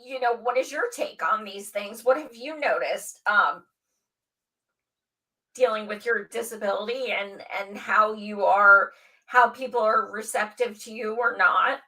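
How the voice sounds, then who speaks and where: Woman host, easygoing, bright voice, fairly high, sounding off-mic. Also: a little slow, far from the mic, low-quality recording. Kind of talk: hosting a panel discussion.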